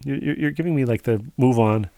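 This man co-hosts a chatty podcast and reads listener emails aloud, drifting into rambling asides. His voice has a gravelly, creaky edge. The sound is close and dry, with no room around it. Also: medium pitch, fairly quick, mellow, no room sound. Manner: rambling, digressive, full of asides. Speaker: podcast co-host. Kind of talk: casual podcast chat, reading listener emails.

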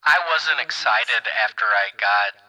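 A man calling in to a podcast, speaking haltingly with many pauses, sniffly and near tears. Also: fairly low pitch, pushed and bright. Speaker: caller. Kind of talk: phone-in call. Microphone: telephone. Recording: tinny phone line.

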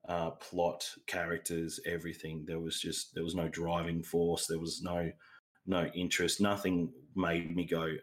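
Male co-host, deep-voiced, loose and rambling in casual chat. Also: flat delivery, normal speed. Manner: rambling, goes off on tangents. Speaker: podcast co-host.

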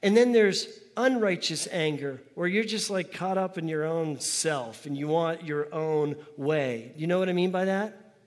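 A man's voice: on the high side, a little slow. A man preaching a conversational sermon in a church, asking the congregation to repeat words after him. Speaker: pastor. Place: church sanctuary. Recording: long hall reverb.

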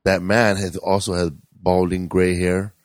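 A man's voice: low voice, little pitch movement, unhurried, no echo. A man co-hosting a podcast, telling stories about neighbors in a loose, rambling way with lots of hesitation. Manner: rambling, hesitant, many fillers and restarts. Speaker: podcast co-host. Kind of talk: casual storytelling chat.

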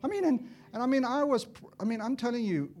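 A man preaching a sermon as an evangelist, impassioned and swinging from loud to hushed, acting out little dialogues as he tells stories. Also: very high-pitched, lively intonation, fast. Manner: acts out dialogue in storytelling.

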